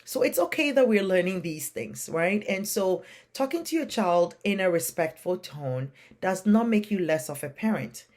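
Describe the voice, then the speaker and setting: A woman's voice: mid-range voice, expressive, normal speed, hardly any pauses, darkish tone. Earnest woman giving parenting advice. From non-Western country. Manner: earnest, plain-spoken, keeps asking "right?". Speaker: parenting coach. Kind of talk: advice talk to camera.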